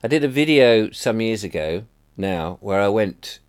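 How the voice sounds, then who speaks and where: A man's voice: lowish voice, expressive, measured pace, clear, resonant tone. Wistful, rambling middle-aged English man. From England. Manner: wistful, rambling, often trails off mid-sentence. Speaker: vlogger. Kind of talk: reflective casual monologue.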